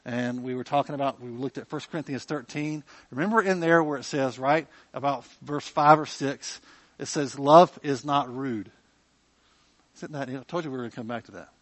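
A man's voice: medium pitch, moderate pace, no room sound. Conversational man preaching a sermon. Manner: conversational, frequent "right?" check-ins. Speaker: pastor. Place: church.

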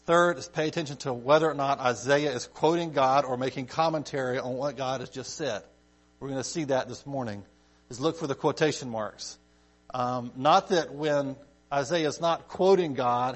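A man's voice: mid-range voice, normal speed. A man teaching a casual Bible study, reading scripture aloud and explaining it conversationally, often checking in with his listeners. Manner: conversational, checks in with "okay?" and "right?", animated emphasis.

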